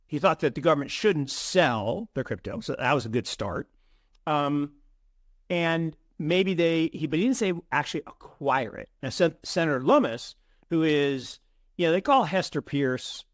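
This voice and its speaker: A middle-aged man co-hosting an investing show, chatting in an animated way with many restarts and repeated words. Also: on the high side, no echo, clean studio sound. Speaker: co-host of a crypto investing show. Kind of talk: casual conversational commentary.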